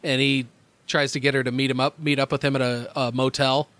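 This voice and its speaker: A man's voice: medium pitch, level tone, a little fast, fairly bright tone, dry recording. A man co-hosting a casual podcast chat, laughing often and swearing freely. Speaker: podcast co-host.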